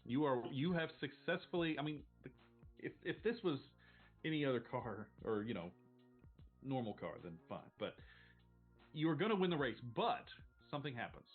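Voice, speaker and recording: A man's voice: mid-range voice, big pitch swings, moderate pace, slightly rough, phone-quality sound, faint music behind. A man running a tabletop game as game master, narrating casually, rambling and swearing freely.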